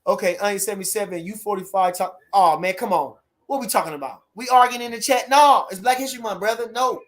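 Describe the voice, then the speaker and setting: A middle-aged man hosting a casual livestream, animated and repeating catchphrases as he chats. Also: high-pitched, fast. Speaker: livestream host.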